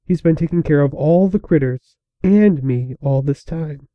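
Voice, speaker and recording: A man voicing a gentle, timid old female pegasus pony who speaks softly. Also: fairly high pitch, a little slow, no echo, narrow, tinny audio, voice pushed up, natural voice. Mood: warm. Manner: soft-spoken, whispery.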